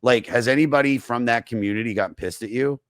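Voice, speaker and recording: A man's voice: mid-range voice, fast talker, a bit bright, no echo. Joking podcast host man, dry sound. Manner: loose, joking, brief reactions. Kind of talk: casual chat.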